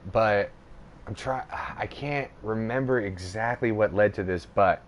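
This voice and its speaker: A man's voice: fairly low pitch, unhurried, a little hiss or hum. Profane, rambling young man telling a story. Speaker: podcast host. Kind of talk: casual storytelling chat.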